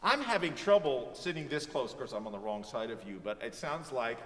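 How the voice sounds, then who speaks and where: A man's voice: mid-range voice, fairly quick. A man teaching a music master class, coaching a student and singing phrases to show what he means. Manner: animated, sings phrases to demonstrate. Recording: echoey hall, voice from far off.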